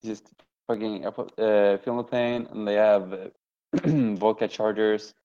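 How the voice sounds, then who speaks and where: A man co-hosting a casual hobby podcast, relaxed and swearing a lot, with plenty of fillers. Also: fairly low pitch, a little slow, lo-fi sound. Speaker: podcast co-host.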